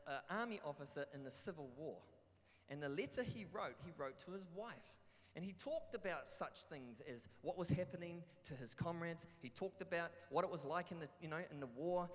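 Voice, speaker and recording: A high, bright-voiced middle-aged man with a New Zealand accent preaches at a youth camp. He tells playful stories and calls out to the young crowd, and his voice rings through a large hall with long reverb. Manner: lively, shouts to the crowd, playful storyteller. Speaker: camp speaker. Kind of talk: youth camp sermon with storytelling.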